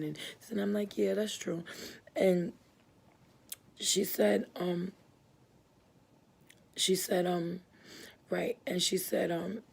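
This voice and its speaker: Woman, gravelly husky voice, flat delivery, rambling earnest testimony with lots of "um"s. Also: on the low side, slow, pauses often. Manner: earnest, rambling, many fillers and restarts; moved and emotional as she tells it. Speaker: church member giving testimony. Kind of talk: personal religious testimony.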